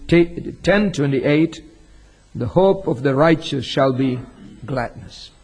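A man's voice: on the high side, darkish tone, slightly rough, rough recording. A male pastor preaching a sermon, reading scripture aloud and asking the congregation questions.

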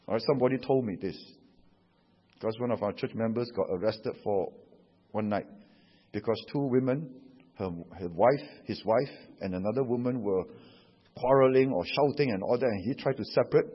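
A Singaporean pastor preaching a sermon, telling stories in an animated way and tagging his sentences with "huh?" and "you know". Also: medium pitch, breathy edge. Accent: Singaporean English. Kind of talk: sermon with anecdotes. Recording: dull echoey hall recording.

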